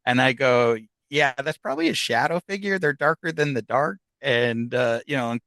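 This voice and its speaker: A man tells of his ghost hunts in an easy conversational way, his tone bright and ringing. The sound is close and dry, with no room around it. He acts out the lines of the people in his stories. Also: mid-range voice, moderate pace, no echo, low-quality recording. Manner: animated anecdotes, acts out quoted dialogue. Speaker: guest, paranormal investigator. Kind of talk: casual storytelling interview.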